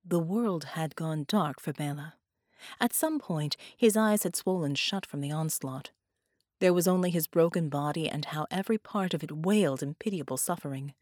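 A woman narrating dark fiction in a measured, grave storytelling manner. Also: low voice, no echo, clean studio sound. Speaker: audiobook narrator.

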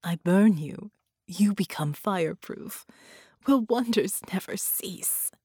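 A woman's voice: medium pitch, slow pace, warm tone, husky, no echo, clean studio sound. A woman voicing a manipulative female shapeshifter in an audiobook, with a mocking, teasing delivery. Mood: taunting.

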